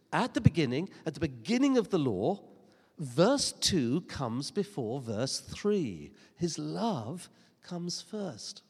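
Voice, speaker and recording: Male preacher, earnest and emphatic, lively intonation, long church reverb. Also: on the high side, breathy edge. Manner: earnest, emphatic preaching with rhetorical questions and dry humor. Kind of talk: sermon.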